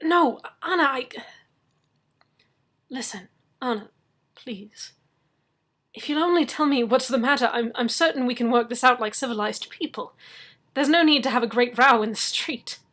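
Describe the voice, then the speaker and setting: Woman reader plays an anxious, well-mannered man, pleading, slightly high pitch. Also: normal speed, pauses often, fairly bright tone. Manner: polite, flustered and pleading. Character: anxious, polite male gentleman pleading. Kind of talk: audiobook reading.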